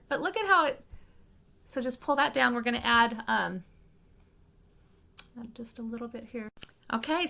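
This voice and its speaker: A woman hosting a makeup tutorial, talking viewers through each step in a chatty, fast-paced way and often checking in with them. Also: mid-range voice, bright, forceful tone. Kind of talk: casual step-by-step makeup demonstration.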